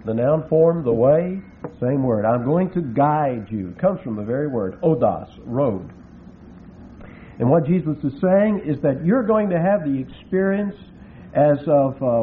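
Emphatic preacher on a tinny line. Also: male voice, on the high side. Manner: emphatic, slows to spell out Greek words. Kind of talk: expository Bible teaching sermon. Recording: tinny phone-like recording with faint hiss.

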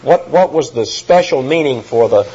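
A man's voice: mid-range voice, expressive, moderate pace, warm tone, breathy edge. A man preaching an expository sermon in an earnest teaching tone, rising in emphasis on key phrases. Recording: dull lo-fi recording.

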